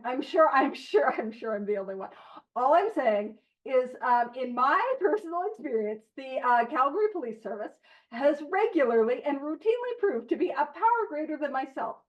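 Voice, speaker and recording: A woman leading an online recovery study group, reading passages aloud and chatting through them with animated, jokey digressions. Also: high voice. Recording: slightly muffled online stream audio.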